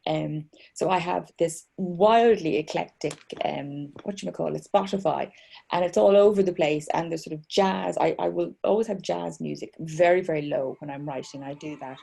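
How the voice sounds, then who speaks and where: Chatty woman, low gravelly voice. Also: moderate pace, mellow. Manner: chatty, self-mocking, rambling with restarts. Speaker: author guest. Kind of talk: casual chat.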